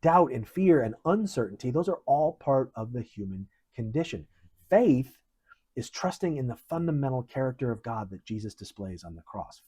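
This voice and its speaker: A man's voice: medium pitch, slightly rough. A male pastor giving a sermon in an earnest, conversational way, pressing hard on key words. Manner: earnest, conversational preaching with animated emphasis.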